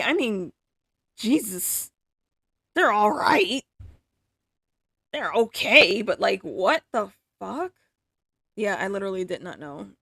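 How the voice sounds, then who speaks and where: A woman's voice: mid-range voice, vocal fry, fairly bright tone, no room sound, studio quality. A woman chatting casually on a livestream, swearing freely and exclaiming in disbelief. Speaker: livestreaming artist.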